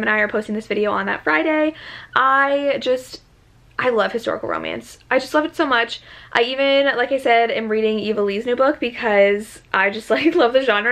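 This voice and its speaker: A woman's voice: a little high, creaky, fairly bright tone. A young woman and teacher chatting casually at home in a reading vlog, enthusiastic and full of fillers. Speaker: book vlogger.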